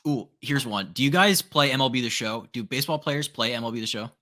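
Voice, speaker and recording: Bright-voiced man hosting a chatty interview. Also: medium pitch, fast. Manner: easygoing, chatty questions. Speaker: podcast host. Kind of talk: casual interview.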